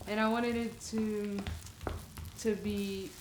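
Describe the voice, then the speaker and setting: Brief: woman from portugal, relaxed talk, echoey kitchen with faint sizzle. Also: mid-range voice, takes it slowly, noisy background. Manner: relaxed, reflective, laughs often. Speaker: guest singer. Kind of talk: casual chat while cooking. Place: home kitchen.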